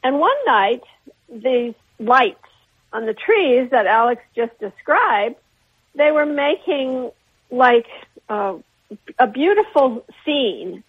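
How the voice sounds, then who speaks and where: A woman's voice: fairly high pitch, breathy edge. Older woman telling stories over a phone line. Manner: rambling, with frequent restarts and laughter. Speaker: interview guest, artist. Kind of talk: anecdotal storytelling in an interview. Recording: phone-line interview on radio.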